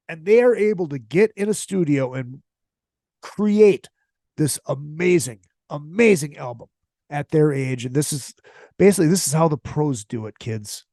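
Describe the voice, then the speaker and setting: On his casual solo podcast, a male host rants with profane, opinionated emphasis. His voice is fairly high and a little mellow, and the studio-quality recording carries no room sound.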